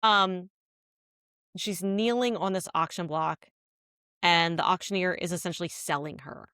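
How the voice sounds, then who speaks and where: A woman's voice: lowish voice, steady tone, a little slow, sharp tone, clean tone, no room sound, clean studio sound. A woman co-hosting a podcast, casually retelling a drama scene with lots of "like" fillers. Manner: rambling retelling full of "like" fillers. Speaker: podcast co-host.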